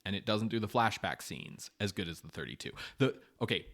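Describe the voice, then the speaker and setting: A man co-hosting a podcast in casual chat, animated and swearing, often acting out what people say. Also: lowish voice, brisk. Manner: animated, swearing, acts out quotes. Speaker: podcast co-host.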